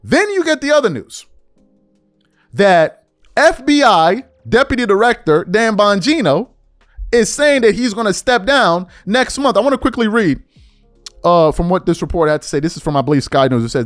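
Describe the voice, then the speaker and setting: A man hosts a podcast with a high, lively voice that climbs and drops as he questions and reads news aloud. The sound is dry and close, with faint music underneath. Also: moderate pace, no room sound. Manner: animated, incredulous, reads articles aloud. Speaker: podcast host. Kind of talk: political commentary.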